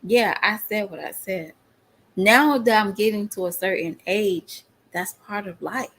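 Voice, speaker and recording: A woman's voice: mid-range voice, unhurried, fairly bright tone, slightly rough. A middle-aged woman chatting casually to her viewers, often laughing and calling them y'all. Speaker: vlogger.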